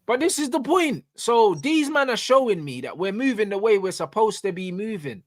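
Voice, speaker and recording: A man's voice: high-pitched, very animated, normal speed, no room sound, clean studio sound. A young man arguing about football in casual chat, passionate and sprinkled with swearing. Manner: passionate, swears, repeats "do you know what I'm saying". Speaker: co-host, football fan.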